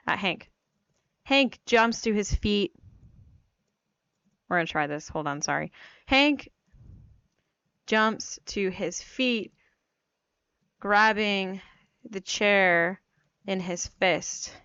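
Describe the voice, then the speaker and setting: A woman explains a writing method in a relaxed, rambling tutorial, filling her talk with "like" and "um" and joking about herself. She is getting over a cold, yet her voice stays smooth and clear. The recording is dry and a little dull in the highs, as from a new home microphone. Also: slow, pauses often, no echo. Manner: chatty, self-deprecating, many fillers. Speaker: writing coach. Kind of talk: casual screen-share tutorial.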